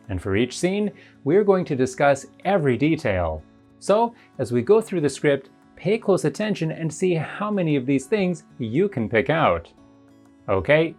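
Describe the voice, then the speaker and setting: A woman teaching English in a recorded lesson, explaining clearly and step by step. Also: sits low, warm tone.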